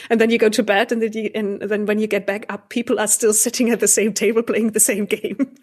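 A woman's voice: medium pitch, flat delivery, brisk, slightly rough. A woman who organizes a gaming convention, talking in a casual, thoughtful interview with frequent restarts.

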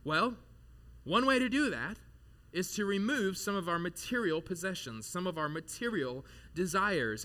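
A man in his thirties delivers a sermon in a church, his voice bright and edged, sitting a little above the usual male pitch. He talks to the congregation in a loose, animated way, tossing in casual asides as he goes. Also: normal speed. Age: 30s. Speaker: pastor.

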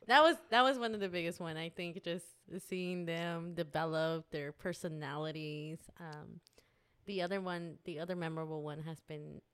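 A woman's voice: fairly low pitch, fairly even intonation, moderate pace, fairly bright tone, clean tone. Chatty woman who laughs a lot. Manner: chatty, laughs often, rambling storytelling. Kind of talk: casual chat.

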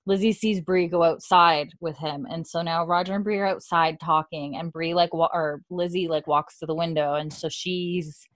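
A chatty young woman talks through a show's episode in a relaxed, casual way. She slips into the characters' lines with a lifted voice, and her own voice sits fairly low for a woman. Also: normal speed, hardly any pauses. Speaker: podcast host recapping a TV episode. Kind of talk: casual chat recap. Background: dog heard at times.

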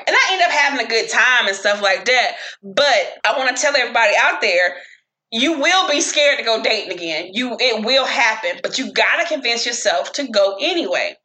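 A woman telling dating stories in casual chat, profane and animated. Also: fairly high pitch, brisk, echoey room, a little hiss or hum.

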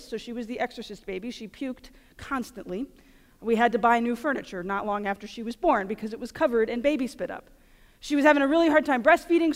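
High-voiced woman speaking in an echoing auditorium. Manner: animated, self-deprecating storyteller. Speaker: Catholic speaker. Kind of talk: storytelling conference talk. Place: large auditorium. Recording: long hall reverb in an auditorium.

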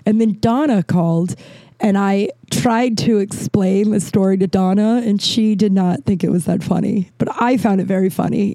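A comedian and podcast host, a woman with a mid-range voice, tells a rambling story in casual conversation while out of breath. She swears often and animates the tale by voicing what people said. The recording is dry.

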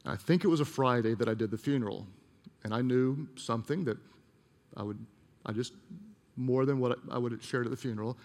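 In a long, reverberant hall, a middle-aged male pastor delivers a sermon built around a personal story, full of emotion and asides to his congregation. His voice is mid-range and somewhat dark, and he speaks briskly.

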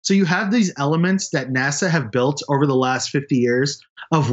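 A man's voice: on the high side, normal speed, few pauses, lo-fi sound. A man working as a space journalist, talking bluntly and candidly in a casual podcast conversation.

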